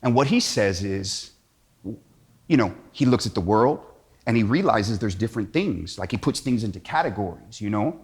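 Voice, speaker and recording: Lively, animated man telling a story. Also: lowish voice, normal speed. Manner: slangy, storytelling, acts out quotes. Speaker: Catholic speaker. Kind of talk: animated inspirational talk.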